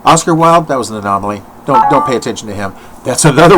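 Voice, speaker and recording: A man's voice: medium pitch, very animated, quick pace, fairly bright tone, poor audio. An older man talks through an improvised comic bit at home, wandering off on tangents and poking fun at himself. His voice swoops up and down with great animation. A faint background hiss sits under the recording. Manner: rambling, tangent-prone, self-mocking, with sudden sung and mock-voiced asides. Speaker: solo comedic vlogger.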